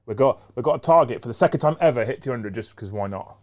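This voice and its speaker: A man's voice: medium pitch, lively intonation, fast talker, darkish tone. A man hosting a live stream, reading out chat messages and thanking viewers in an upbeat way.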